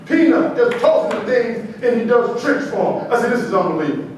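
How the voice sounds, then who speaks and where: A man with a fairly high voice gives a motivational speech, spinning humorous stories in a rolling cadence that builds and repeats. He is heard from a distance in a very echoey hall, with a faint hiss underneath. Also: brisk, few pauses. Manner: animated, preacher-like repetition and building cadence. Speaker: motivational speaker. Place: large hall at a podium.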